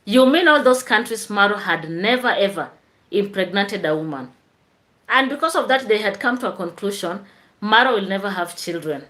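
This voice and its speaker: A woman's voice: mid-range voice, a bit bright. A woman teacher hosting a chatty live stream, tired after work, answering viewer comments.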